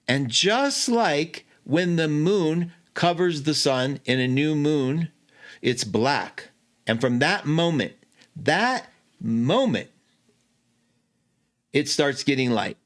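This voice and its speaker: A man hosting an astrology show, explaining a chart in a chatty, animated way that keeps correcting itself, with easy laughs. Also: a little high, takes it slowly. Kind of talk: casual teaching talk.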